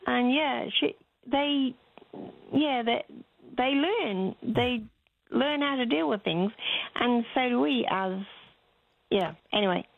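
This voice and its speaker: A woman's voice: a little high, takes it slowly, gravelly, pauses often, no room sound. An older woman, calling into a radio show, who rambles and hesitates with many fillers. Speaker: caller. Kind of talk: casual phone chat. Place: phone call into a radio show. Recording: tinny phone line.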